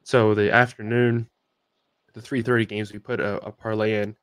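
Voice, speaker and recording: A man's voice: on the low side, level tone, moderate pace, clean tone, no room sound. A young man co-hosting a sports podcast, telling a long story in a casual, rambling way with many fillers and restarts. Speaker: podcast co-host.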